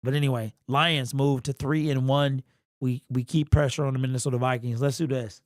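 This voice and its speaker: A young man hosting a casual livestream talks a little fast in a mid-range, steady voice. Emotional and sniffly, he rambles, uses slang, and keeps repeating and restarting. The recording is dry and studio quality.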